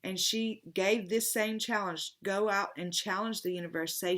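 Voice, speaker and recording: A woman's voice: mid-range voice, fairly even intonation, normal speed, a bit bright. A middle-aged woman, a tarot reader telling a personal story in a rambling, heartfelt, emotional way in a casual spiritual vlog.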